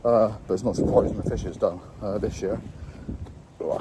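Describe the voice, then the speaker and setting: A man's voice: on the low side, normal speed, very noisy. Sweary rambling man outdoors. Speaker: carp angler vlogger. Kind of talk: casual rambling chat. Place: outdoors by a lake. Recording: outdoor ambience, passing trains.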